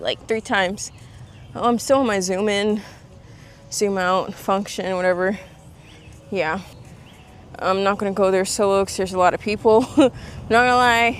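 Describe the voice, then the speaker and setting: Recorded on a phone she carries while walking near a lake, a woman with a medium-pitched voice chats casually for her vlog. She's winded from the walk, laughs frequently, and gushes over animals, and a slight hiss or hum sits in the background.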